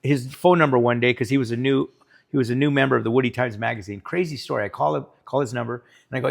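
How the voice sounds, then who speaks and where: A man's voice: medium pitch, fast talker, gravelly. A middle-aged man who builds cars, giving a casual tour of his workshop and telling stories, acting out the voices he quotes. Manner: animated storyteller, acts out quoted voices. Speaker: woodie car builder. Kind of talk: casual shop tour chat. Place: indoor workshop.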